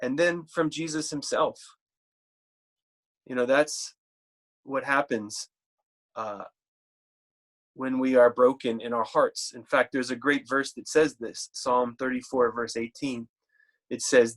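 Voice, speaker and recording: Man preaching a halting, conversational sermon. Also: medium pitch, fairly even intonation. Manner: conversational, halting with restarts, slows for scripture.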